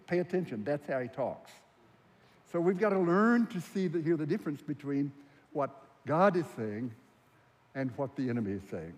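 A man's voice: a little high, lively intonation, moderate pace. A man preaching a sermon, earnest and emphatic, stretching out the phrases he stresses. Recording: long hall reverb.

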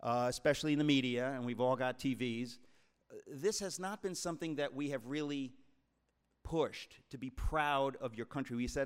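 A man's voice: mid-range voice, moderate pace, smooth. A man in his sixties from the New York area, an author giving an emphatic, preacherly talk to a live audience and calling them folks. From New York tri-state area, USA. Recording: long hall reverb.

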